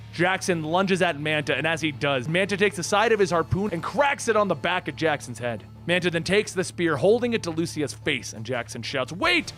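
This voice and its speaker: A man's voice: fairly high pitch, a bit bright. A man narrating a comic book story as a recap storyteller.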